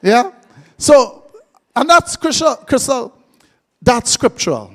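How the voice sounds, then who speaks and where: High-voiced preacher. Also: male voice, slow, pauses often. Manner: lively, joking, quizzing the congregation. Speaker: pastor. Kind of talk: live sermon.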